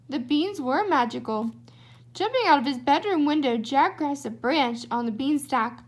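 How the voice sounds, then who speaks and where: High-voiced woman reading a storybook aloud. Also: lively intonation, moderate pace. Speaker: storybook reader. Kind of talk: reading a children's book aloud.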